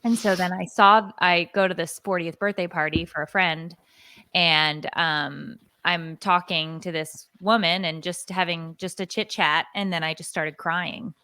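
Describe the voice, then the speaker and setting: A woman in her forties co-hosts a podcast in a rambling, confessional way, with plenty of fillers. Her voice is bright and smooth, a little lower than most. The close mic sounds dry and dead. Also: fairly even intonation, measured pace, dry recording. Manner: rambling storyteller, lots of fillers. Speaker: podcast co-host. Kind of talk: casual confessional chat.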